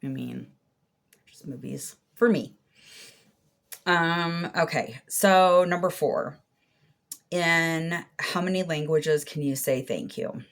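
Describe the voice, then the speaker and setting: A woman's voice: low voice, slow pace, pauses often. A middle-aged woman crochet vlogger answering questions in a casual, chatty way, thinking aloud as she goes. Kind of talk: casual Q&A vlog.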